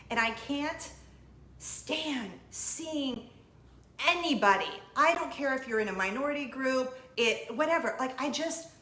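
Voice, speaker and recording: Bright, expressive woman in an echoey room. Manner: emotional and expressive, high excited quoting. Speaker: vlogger, show host. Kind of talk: casual storytelling to camera.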